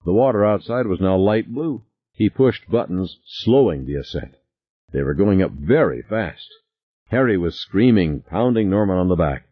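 A man with a very low voice narrates a novel, his pitch swinging widely as he reads. The recording is dry and a little muffled, close to the mic. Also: moderate pace. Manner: dramatic, expressive reading. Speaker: audiobook narrator. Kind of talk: scripted narration.

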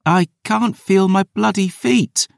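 Man doing a shrill young woman, audiobook, blunt, exasperated, dry sound. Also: slow pace, creaky, no echo, full character voice. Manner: high, loud, exasperated griping. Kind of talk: audiobook character reading.

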